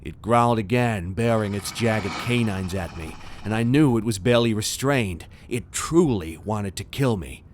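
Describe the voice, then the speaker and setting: A man narrating a first-person horror story in a tense, steady way. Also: on the low side, moderate pace, hardly any pauses, a little hiss or hum. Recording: faint music underneath.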